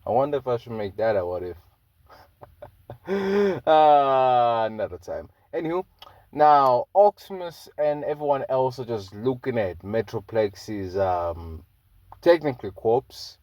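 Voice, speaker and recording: A man's voice: medium pitch, expressive, a little slow, no echo, lo-fi sound. A man telling a fan-made story in a rambling, slangy way, with many fillers.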